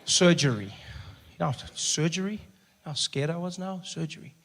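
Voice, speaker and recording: A man performing stand-up comedy, swinging between a hushed, soft voice and loud, lively bursts. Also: fairly high pitch, normal speed, creaky. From South Africa. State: recovering from voice loss.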